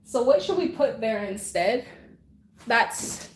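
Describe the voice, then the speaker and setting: A woman's voice: on the high side, animated, takes it slowly, slight background noise. A young woman hosting a live stream, chatting casually, laughing often and reading viewer comments, a bit out of breath.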